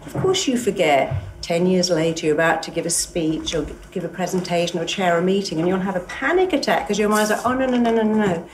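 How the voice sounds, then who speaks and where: A woman's voice: lowish voice, brisk. A woman therapist giving an earnest, emphatic motivational talk, repeating key phrases and acting out inner voices. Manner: acts out inner voices and dialogue. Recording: distant mic with faint background noise.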